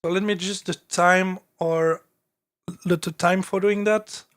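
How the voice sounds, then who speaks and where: A man's voice: high voice, fairly even intonation, unhurried, a bit bright, clear, resonant tone, no room sound, studio quality. A man with a French accent talking casually on a live stream as he produces music, thinking aloud with many fillers and restarts.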